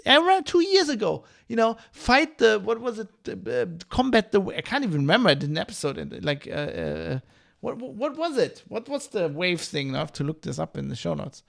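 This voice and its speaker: A man's voice: high-pitched, wildly swooping pitch, a little fast, vocal fry, a bit bright. A man hosting a podcast livestream, ranting in a heated, profane, rambling way. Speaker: podcast host.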